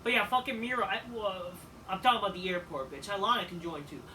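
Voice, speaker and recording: A man giving a casual, rambling review of a wrestling show, swearing often and filling pauses with "like" and "you know.". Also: high voice, expressive, bright, forceful tone. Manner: profane, rambling, with frequent fillers. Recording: distant mic with faint background noise.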